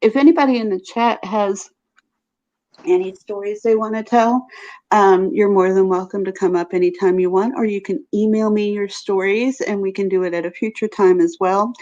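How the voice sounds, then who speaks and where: A woman's voice: medium pitch, warm tone. A woman with a Southern US accent hosting a casual live stream, chatty and laughing often. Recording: dull lo-fi stream audio.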